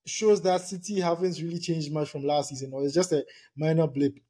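A man hosts a casual podcast and puts a question to a guest, restarting his words as he goes. His voice sits a little high and sounds mellow and husky. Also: fairly even intonation, a little fast. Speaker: podcast host.

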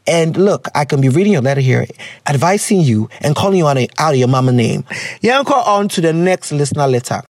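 A man's voice: fairly high pitch, brisk, dry recording. A young man hosting a casual advice podcast, reading listener letters, joking and slipping into Twi. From Ghana. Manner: animated and joking, laughs often, drifts into Twi.

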